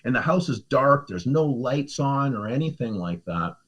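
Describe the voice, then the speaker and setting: A man telling a personal story on a podcast in a casual, animated way, acting out the lines people said and swearing freely, with lots of fillers. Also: medium pitch, moderate pace, highs cut off. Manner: animated, acts out what people said, heavy use of "like" and "you know". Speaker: true crime podcast host telling a personal story as a guest.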